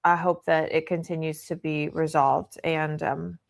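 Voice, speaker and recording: A woman's voice: low voice, level tone, a little slow, vocal fry. A woman hosting a legal show, giving casual, candid news commentary with laughing asides and lots of fillers. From United States. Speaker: immigration law show host. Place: home or office studio in Austin.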